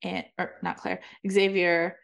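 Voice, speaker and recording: A woman co-hosting a podcast, recapping a novel in a slow, hesitant way with fillers. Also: fairly low pitch, little pitch movement, fairly bright tone, smooth. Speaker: podcast co-host. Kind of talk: casual book-discussion chat.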